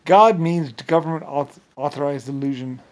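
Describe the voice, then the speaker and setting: A man's voice: a little high, moderate pace, a little mellow. A man delivering a rambling, agitated monologue to the camera, full of profanity and stumbling restarts.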